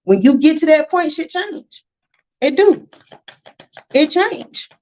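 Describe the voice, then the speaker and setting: A woman runs a spiritual healing livestream. She talks in an animated, preachy way, calling her viewers y'all and baby. The audio sounds dull and lo-fi. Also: sits high, takes it slowly. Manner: animated, preachy, addresses viewers as y'all and baby, reads chat comments aloud. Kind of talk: casual motivational livestream talk.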